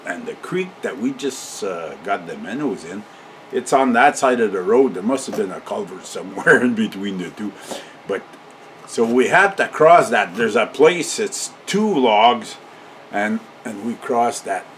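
A man's voice: on the low side, expressive, unhurried, slight background noise. An older man telling a casual, rambling story, often chuckling and ending his sentences with a questioning "eh?".

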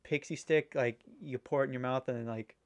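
A man's voice: mid-range voice, steady tone, fairly quick. A man chatting casually while ranking candy, rambling and swearing now and then. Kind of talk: casual chat.

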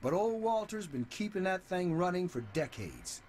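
An actor playing a relaxed, casual townsperson in a video game. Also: male voice, sits high, normal speed, a little hiss or hum. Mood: unworried.

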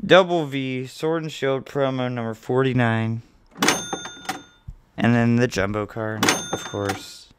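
A man hosting his own video, calmly listing card names as he opens packs and getting excited at the good pulls, with the odd swear word. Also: mid-range voice, slow pace, a little hiss or hum. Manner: relaxed, mildly profane. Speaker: host. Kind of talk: casual card-opening commentary.

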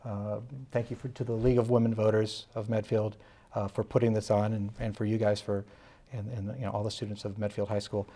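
A man's voice: fairly low pitch, monotone, brisk, dark tone. A political candidate in an interview, a man talking in a rambling way, full of "you know" fillers, with a Massachusetts accent.

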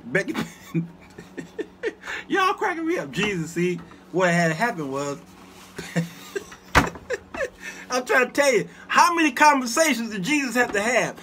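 A man's voice: extremely high pitch, a little slow, long pauses, background noise. A man hosting his own show, telling comic stories to viewers with frequent laughter and asides to the chat. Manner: animated, laughs often, talks back to viewers. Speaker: show host. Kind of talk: comedic storytelling to a live chat.

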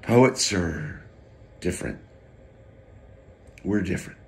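A man's voice: low voice, takes it slowly, vocal fry, slight background noise. A middle-aged man rambling in a casual monologue, profane and emotional, with muttered asides and wry laughs. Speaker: poet and vlogger.

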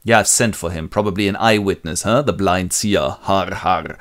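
A man's voice: low-pitched, moderate pace, a bit bright. A man voicing a brash young king who blusters and swears. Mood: bossy.

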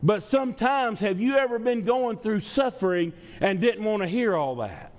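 In a church sanctuary, a male pastor preaches a sermon conversationally, repeating phrases for emphasis. His voice sits high and is animated, with a moderate pace and a darkish tone. The church hall adds long reverb.

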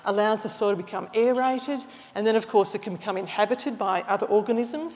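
A woman's voice: medium pitch, darkish tone. Woman lecturing in a hall. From Australia. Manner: enthusiastic, explanatory, with small restarts. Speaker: mycologist giving a talk. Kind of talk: illustrated public lecture. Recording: long hall reverb.

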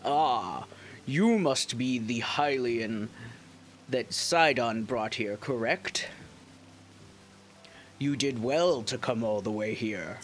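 A man voicing a stately male fish-folk king, reading game dialogue in a slow, formal way. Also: mid-range voice, slight background noise, natural voice.

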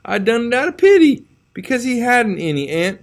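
A man's voice: extremely high pitch, big pitch swings, normal speed, pitched above the performer's own voice, full character voice. A man doing a cheeky, sly young boy. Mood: sly excuses. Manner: sly, pleading excuses in country dialect. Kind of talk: storybook reading.

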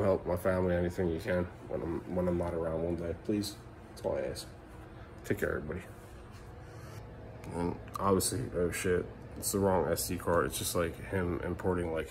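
Recorded on a camera mic with background noise, a man in his thirties speaks in a low voice. He is a father vlogging at home at night, chatting to camera casually and emotionally, full of fillers and swearing.

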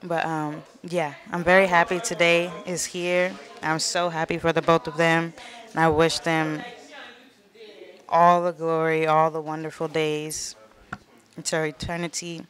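A young woman, the bride's daughter, speaking softly and emotionally in a wedding interview. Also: low voice, little pitch movement. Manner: emotional, soft, halting.

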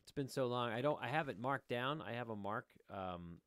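A middle-aged man with a gravelly voice chats casually over his gameplay from a room at home, speaking into a desk mic. He rambles and cracks jokes, chatting to his viewers as he plays, and his pitch sits in the ordinary middle range. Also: lively intonation, moderate pace, fairly bright tone, a little hiss or hum. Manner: rambling, jokey, talks to viewers while playing. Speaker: gaming video host. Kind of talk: casual let's-play commentary.

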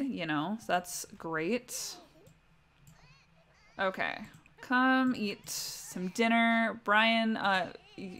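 A woman's voice: mid-range voice, a bit bright. Young woman, livestream host, chatty gameplay commentary, keeps talking to her game characters. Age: young adult.

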